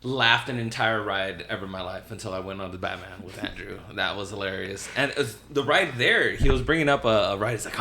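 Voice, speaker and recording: A young man co-hosting a podcast, telling stories in an animated, casual way with some swearing. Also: lowish voice, fairly quick, gravelly, few pauses. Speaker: podcast co-host. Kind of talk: casual chat.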